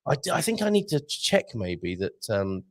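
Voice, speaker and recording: A man hosting a live online show, rambling excitably to viewers and reading the chat. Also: medium pitch, moderate pace. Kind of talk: casual live-stream chat.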